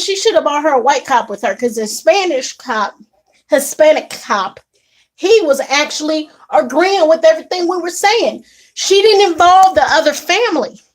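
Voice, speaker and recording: A young woman casually telling an indignant story to camera, animated and quick to act out what others said. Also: high-pitched. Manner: animated, indignant retelling with acted quotes. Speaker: vlogger.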